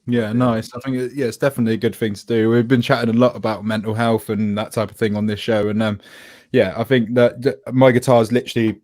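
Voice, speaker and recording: Male host, quick and chatty, self-mocking jokes, dry close sound. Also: medium pitch, flat delivery, darkish tone, dry recording. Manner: rambling, joking, self-deprecating. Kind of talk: casual chat.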